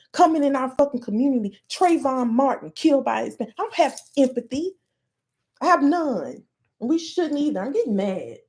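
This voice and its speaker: Heated, cursing woman with a higher voice. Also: darkish tone. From United States. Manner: heated, profane and emphatic. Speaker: podcast host. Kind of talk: solo monologue rant.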